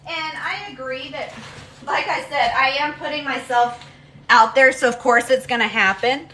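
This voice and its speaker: A woman's voice: sits high, normal speed, pushed and bright, a little hiss or hum. A woman chatting casually and rambling with her viewers on a live stream from home, with plenty of ums. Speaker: livestreamer talking to her viewers. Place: at home, walking between rooms.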